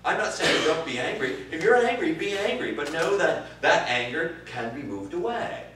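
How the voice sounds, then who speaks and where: Animated improv teacher, man, echoey room. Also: moderate pace. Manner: animated, swearing, swings from low musing to loud bursts. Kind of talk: interview answers. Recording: distant roomy recording with faint noise.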